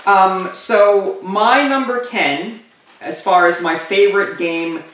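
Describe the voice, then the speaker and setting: A man's voice: high voice, steady tone, slow pace, fairly bright tone, a little hiss or hum. A man hosting a casual chat, rambling with lots of fillers and restarts. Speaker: host. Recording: echoey room, mic far off.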